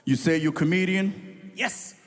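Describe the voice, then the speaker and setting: A towering bodyguard with a low, gruff voice, as a comedian acts him out on stage. He talks slowly and flatly, firm and dismissive, like he has turned away a thousand people before. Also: in a large hall, natural voice. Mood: stern. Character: huge gruff male bodyguard, stern and protective.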